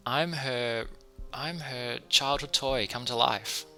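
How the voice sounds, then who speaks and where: Calm creepy young student girl , read by a guy in his own voice, very bright sound, bit of music under it. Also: medium pitch, takes it slowly, heavily acted. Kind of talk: reading a visual novel aloud.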